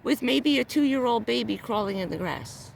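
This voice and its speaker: On the high side and somewhat creaky, her voice has lively intonation at a normal speed, over a faint hiss or hum. The vlogger is livestreaming from a parked car in a furious, swearing, repetitive rant, upset and close to crying.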